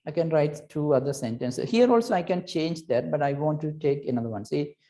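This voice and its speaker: A woman's voice: sits low, lively intonation, fairly quick, warm tone. A woman teaching a recorded lesson, patiently explaining and checking in with "right?" between points, with hesitant restarts.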